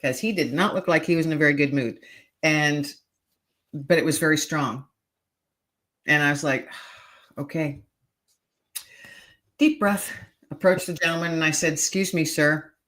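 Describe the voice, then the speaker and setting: A woman's voice: low-pitched, unhurried, pauses often, a bit bright. A middle-aged woman, a podcast guest, earnestly telling a heartfelt personal story in conversation and repeating key phrases for emphasis.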